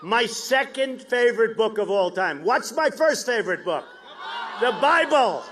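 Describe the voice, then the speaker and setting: A man delivers a campaign rally speech in a voice pitched higher than most men's. He rambles and boasts, breaking into shouted asides to the crowd, with faint noise in the background. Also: expressive, normal speed. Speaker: political candidate. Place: large outdoor stadium rally.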